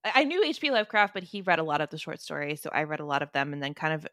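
A woman's voice: deep voice, very animated, very fast, sharp tone, no room sound, studio quality. A young woman guesting on a podcast from home, chatting eagerly and filling her talk with "like". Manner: chatty and enthusiastic, many "like"s. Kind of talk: casual podcast chat. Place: home room with pets nearby.

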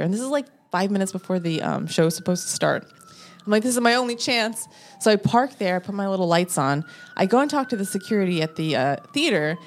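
A woman guest on a podcast, telling a story in a casual, animated way and acting out her own lines. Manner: animated, acts out her own quotes with rising pitch.

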